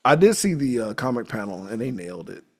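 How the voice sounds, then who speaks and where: A man co-hosting a casual movie podcast, retelling scenes in a loose, profane, animated way and breaking into laughter. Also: medium pitch, quick pace, noisy background. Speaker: podcast co-host.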